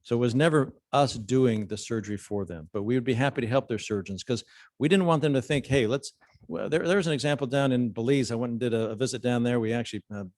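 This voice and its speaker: A man's voice: mid-range voice, fast talker, a little mellow, no room sound. A man, a surgeon, answering audience questions in a thoughtful, explanatory way with occasional restarts. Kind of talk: lecture Q&A answer.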